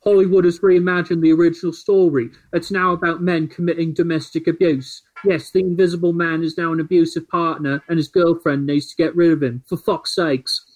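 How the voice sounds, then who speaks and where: A man's voice: fairly high pitch, little pitch movement, a little fast, few pauses, darkish tone, lightly acted, poor audio. A man putting on a British accent to voice an indignant right-wing man grumbling about a film.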